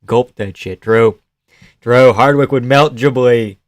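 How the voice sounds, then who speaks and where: Young male streamer, relaxed and chatty, mid-range voice, dry close recording. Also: mid-range voice, measured pace, no room sound. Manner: laid-back, laughs often, swears casually, reads chat aloud. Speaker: live-stream host. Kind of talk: casual live-stream chat.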